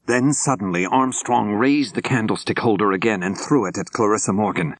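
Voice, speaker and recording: An older man narrating an audiobook in a measured, clear storytelling manner, close to the microphone. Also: fairly low pitch, dry recording. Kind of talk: scripted narration. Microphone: close studio mic.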